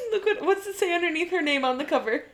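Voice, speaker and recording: High, giggly woman in an echoey room. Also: big pitch swings, fairly quick. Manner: giggly, teasing, jokey asides. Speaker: podcast co-host. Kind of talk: casual chat.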